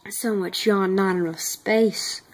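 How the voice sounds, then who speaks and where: A woman's voice: mid-range voice, steady tone, slow, low-quality recording. Sleepy yawning young woman vlogger. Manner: drowsy, yawning, rambling. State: exhausted. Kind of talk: sleepy late-night chat to camera. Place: home at night, by a couch. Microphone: phone. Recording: faint background noise.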